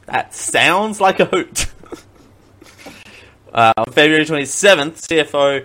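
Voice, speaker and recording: A man's voice: fairly high pitch, lively intonation, slow, bright, forceful tone. A man hosting a casual comedic live stream, laughing often and making silly mouth sound effects. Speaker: live-stream show host.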